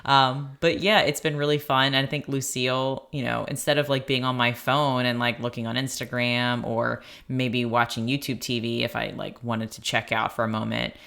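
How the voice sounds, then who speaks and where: A woman's voice: very deep voice, level tone, normal speed, vocal fry, few pauses, fairly bright tone. A woman co-hosting a podcast in casual chat, giggling often and talking with many fillers. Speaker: podcast co-host.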